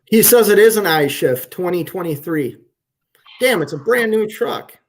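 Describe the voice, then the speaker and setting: A man trucker chatting casually on a live stream from a hotel room, talking in slow, halting phrases with frequent restarts. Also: high-pitched, expressive. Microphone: phone on hotel wifi.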